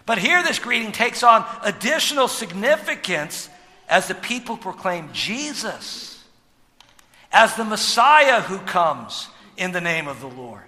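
A pastor with a strikingly high, bright and forceful voice preaches in a church, leaning on rhetorical questions and sudden swells of loudness. His words ring out with a long hall reverb behind them. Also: big pitch swings, unhurried. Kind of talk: sermon.

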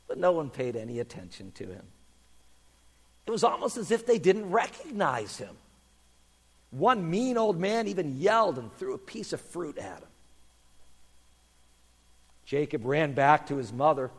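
A male pastor telling a story and leading prayer with an animated, lively delivery that sits fairly high. He goes quiet and hushed in prayer. His voice rings with long hall reverb. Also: husky. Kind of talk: children's sermon storytelling and prayer.

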